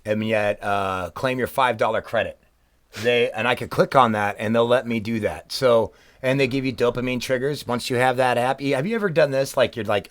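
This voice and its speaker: Profane, animated man in casual chat. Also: medium pitch, fairly quick. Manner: profane, animated storytelling with voiced asides. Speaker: podcast guest. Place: Bremerton, Washington.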